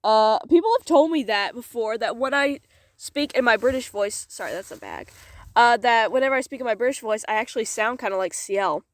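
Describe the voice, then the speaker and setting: Young woman vlogger, slightly high voice, dry close sound, wry and swears a lot. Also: animated, fairly quick, no echo. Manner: sarcastic, swears, laughs at herself. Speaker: fanfic reader vlogger. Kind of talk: casual reading aloud with commentary. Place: small closet.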